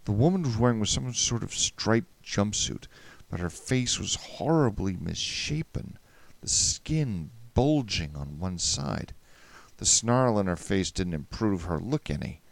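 Man reading a story aloud, very deep voice, gravelly, wry, dry close mic. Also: very animated, measured pace, no echo. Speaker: narrator. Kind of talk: first-person story reading.

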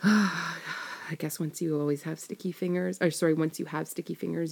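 Low-voiced woman telling a rambling story. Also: fairly even intonation, brisk, gravelly, darkish tone, slightly rough. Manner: rambling, many fillers and self-corrections. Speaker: storyteller sharing a personal experience. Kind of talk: casual confessional storytelling.

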